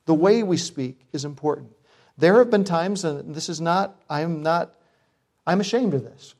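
A man's voice: fairly high pitch, measured pace, a little mellow. A middle-aged man preaching a sermon as pastor, earnest, with self-deprecating humor.

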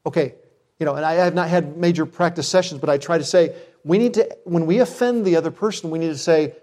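A man's voice: fairly high pitch, quick pace, darkish tone. A middle-aged man preaching a sermon as pastor, earnest, with self-deprecating humor.

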